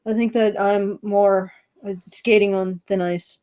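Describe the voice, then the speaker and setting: A woman co-hosting a casual podcast, talking in a profane, animated, self-deprecating way. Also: mid-range voice, measured pace, smooth. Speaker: podcast co-host.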